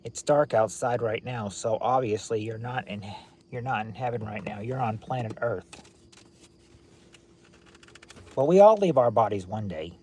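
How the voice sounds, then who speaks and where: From his lit home at night, an American man rambles chattily with livestream viewers, restarting often. His lowish, dark voice has lively intonation, a measured pace and long pauses, with a slight hiss or hum.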